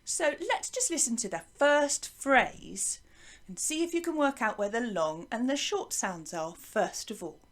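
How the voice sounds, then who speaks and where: A woman teaching a lively music lesson to young children, encouraging them and chanting rhythms for them to copy. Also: on the high side, measured pace. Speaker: primary school music teacher.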